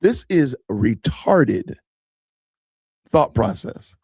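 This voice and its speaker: A podcast host reacting to a clip, emphatic and sarcastic, repeating phrases for effect. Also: male voice, medium pitch, big pitch swings, very slow, vocal fry, a little mellow, breathy edge, dry recording, studio quality. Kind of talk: reaction commentary.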